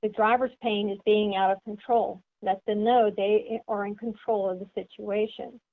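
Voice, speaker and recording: A woman's voice: medium pitch, steady tone, moderate pace. A woman giving an instructional seminar talk, explaining step by step and acting out sample greetings. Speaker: seminar presenter. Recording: tinny phone-like sound.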